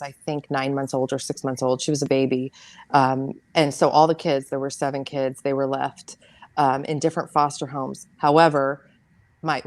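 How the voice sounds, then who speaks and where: Middle-aged woman, deep register, dry close sound, earnest halting interview guest. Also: a little mellow, no room sound. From United States. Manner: earnest, halting, repeats words. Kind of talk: emotional personal storytelling.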